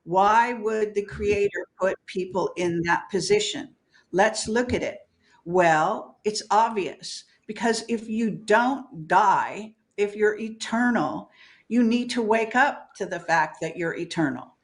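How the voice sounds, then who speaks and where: A woman's voice: mid-range voice, slow. A woman guest in a candid spiritual interview, talking emphatically, swearing freely and laughing often.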